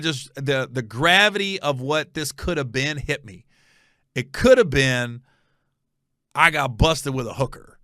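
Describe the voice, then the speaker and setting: A male comedian host in his forties speaks in a mid-range voice in a dry, studio-quality recording. He recounts a story casually and with plenty of profanity, acting out each voice with animation.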